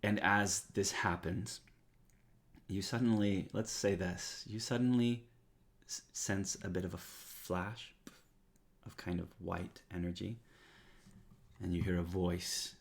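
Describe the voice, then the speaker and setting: A man narrating as game master of a tabletop game, describing scenes with frequent pauses and fillers. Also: low voice, little pitch movement, creaky, a bit bright. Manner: descriptive, hesitant with many fillers.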